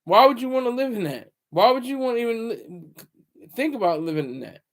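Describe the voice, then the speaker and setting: A man's voice: very high voice, big pitch swings, fairly quick. A man hosting his own channel, talking in a loose, rambling monologue full of fillers and restarts. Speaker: channel host.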